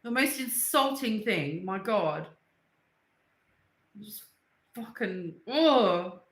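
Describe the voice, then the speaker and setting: A woman's voice: medium pitch, lively intonation, extremely slow, fairly bright tone. A young woman, talking bluntly and angrily on a casual livestream, swearing and repeating herself. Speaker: livestream host. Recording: echoey room.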